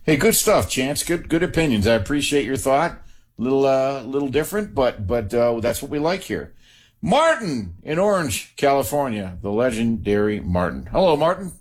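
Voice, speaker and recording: Man, sports radio host, animated, joking, call-in talk, average pitch. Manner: animated, quick to joke.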